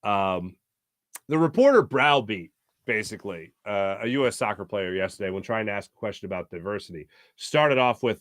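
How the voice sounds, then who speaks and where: A man's voice: fairly low pitch, expressive, normal speed, a bit bright, no echo, studio quality. An American man hosting a sports talk show, rambling and opinionated, with many fillers. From United States. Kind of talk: casual sports talk monologue.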